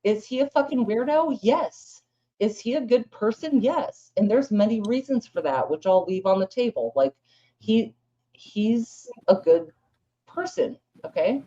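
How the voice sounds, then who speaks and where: A woman's voice: on the high side, animated, moderate pace, dark tone, highs cut off. A woman speaking on a live panel, telling a rambling story in blunt, casual talk full of swearing. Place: live panel room with audience.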